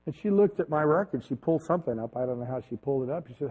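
A man preaching a sermon, telling a personal story in a conversational, halting way. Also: a little high, animated, breathy edge. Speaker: pastor. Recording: tinny phone-like lo-fi audio.

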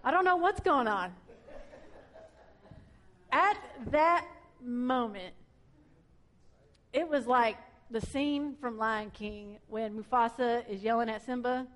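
A woman police officer telling a testimony story in a colloquial, self-mocking, animated way. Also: on the high side.

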